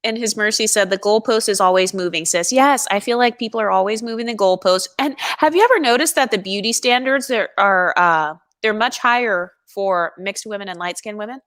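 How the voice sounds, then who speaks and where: A woman's voice: mid-range voice, brisk, few pauses, a bit bright. Woman reading chat comments aloud. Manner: agreeable, reads comments aloud. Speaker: co-host. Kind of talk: casual livestream chat, reading viewer comments.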